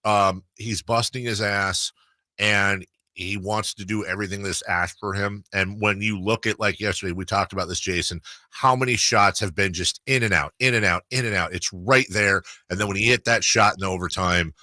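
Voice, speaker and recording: Casting: low-pitched male sports radio host, bright forceful tone, earnest and emphatic, dry studio sound. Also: fairly even intonation, normal speed, no room sound. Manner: earnest, emphatic, repeats himself.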